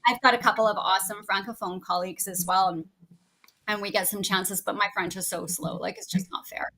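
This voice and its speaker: A woman's voice: medium pitch, fairly even intonation, a little fast, sharp tone, poor audio. A woman, a guest teacher chatting casually on a podcast, talking in an effusive way and often restarting her sentences. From Canada.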